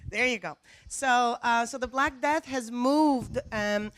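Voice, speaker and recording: A woman's voice: on the high side, slow, fairly bright tone, clear, resonant tone. Woman professor quizzing her audience. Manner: friendly, asks the audience questions. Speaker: college professor on a panel. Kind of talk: lecture to an audience.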